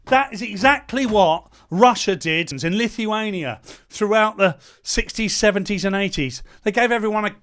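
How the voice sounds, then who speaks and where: A man delivers a heated commentary in a high voice. He reads a point aloud, then tears into it with sarcasm and blunt insults. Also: animated, normal speed, fairly bright tone, smooth. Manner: sarcastic, mocking, hurls insults. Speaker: political commentator. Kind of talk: ranting commentary.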